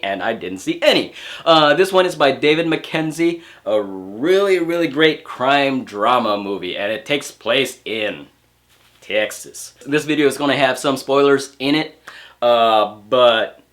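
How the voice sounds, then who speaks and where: A man's voice: medium pitch, lively intonation, moderate pace, a bit bright. A young man reviewing a film in a loose, chatty way, his voice stuffy and sniffly from allergies. He rambles, backtracks and leans on filler words as he talks things through. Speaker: movie reviewer. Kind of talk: casual spoken film review.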